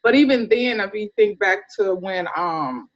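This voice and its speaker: A woman doula telling stories in a casual interview, animated and acting out the people she describes. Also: mid-range voice, unhurried. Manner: animated storyteller, acts out voices, laughs often. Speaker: doula, podcast guest. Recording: dull lo-fi sound.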